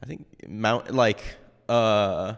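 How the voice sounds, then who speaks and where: Midwestern male podcast host, mid-pitched, easygoing interviewer, recorded with a long reverb tail. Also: very slow, creaky. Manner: relaxed questioning, hesitant restarts. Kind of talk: casual interview chat.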